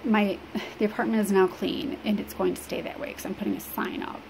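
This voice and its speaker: A woman from Illinois talks to the camera in a personal vlog, halting and rambling with many fillers. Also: medium pitch, creaky. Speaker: vlogger. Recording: steady background noise.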